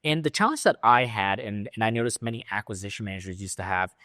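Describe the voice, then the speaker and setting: A man interviewing a sales coach, calmly paraphrasing the answers and asking follow-up questions. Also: lowish voice, fast talker, no room sound, studio quality. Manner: reflective, paraphrases and asks follow-ups.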